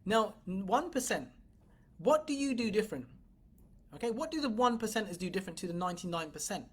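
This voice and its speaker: With a medium-pitched, husky voice, this woman speaks a little fast and very animatedly. She's a business coach on a motivational livestream, blunt and profane, hammering her points home straight to her viewers.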